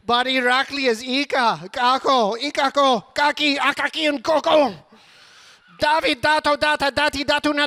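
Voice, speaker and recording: A man doing a stand-up comedy set on a club stage, animated and rattling off long lists quickly. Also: very high voice.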